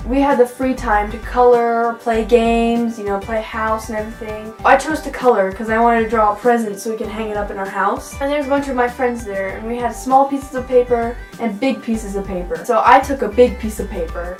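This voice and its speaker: A young woman vlogger casually telling childhood stories to the camera, acting out quoted lines in a high voice. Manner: animated, acts out quoted voices in a high pitch. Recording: echoey room with faint music.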